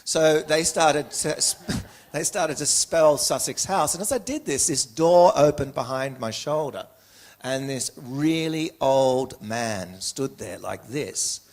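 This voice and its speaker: A middle-aged Australian man, an educator, telling stories from his past as a guest in an interview, lively and anecdotal with frequent self-corrections. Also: mid-range voice, takes it slowly. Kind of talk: storytelling in an interview.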